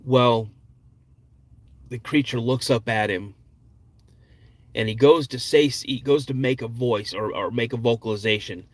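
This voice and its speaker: A man hosts a podcast and retells someone else's encounter, building suspense slowly. He often stops, restarts and repeats words as he goes. His voice sits in an ordinary middle pitch. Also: no room sound. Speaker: podcast host. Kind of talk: retelling an eyewitness encounter story.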